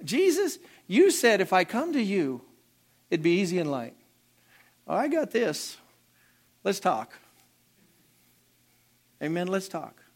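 A man preaching a sermon as pastor, animated and calling out to the congregation for responses. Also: sits high, slow, pauses often.

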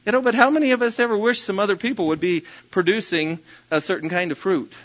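This male pastor preaches with self-deprecating personal anecdotes punctuated by the odd loud burst. He has a high-pitched voice, talks fast in a steady tone, and the audio is dull.

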